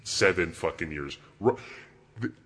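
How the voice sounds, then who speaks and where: A man playing a crude, contemptuous God in a comedy bit, talking in a profane, rambling, mocking way with a husky voice. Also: deep voice, lively intonation, unhurried, fairly bright tone, voice pushed down, exaggerated voice. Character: crude arrogant male God, bored and contemptuous.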